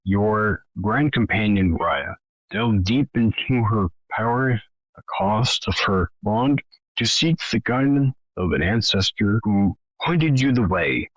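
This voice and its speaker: A man's voice: lowish voice, animated, slow pace, no room sound, muffled recording. A man narrating a tabletop game as game master, in a dramatic, rambling way.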